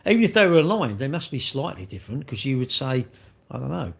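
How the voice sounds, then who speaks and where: A man's voice: medium pitch, sing-song, quick pace, gravelly, breathy edge. An English man chatting on a live stream, rambling and blunt as he answers viewers in a slangy way.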